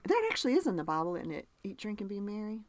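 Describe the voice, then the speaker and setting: A woman with a Southern accent hosts a casual podcast chat, talking at an ordinary pitch and laughing often. She asks her cohost question after question. The sound is close and dry. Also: sing-song, racing, no room sound. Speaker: podcast host.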